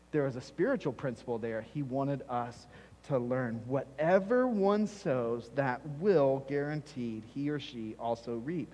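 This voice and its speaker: Speaking at normal speed with a dark tone and medium pitch, a pastor preaches emphatically, repeating important phrases for stress. The church sanctuary lends the audio the long echo of a large hall.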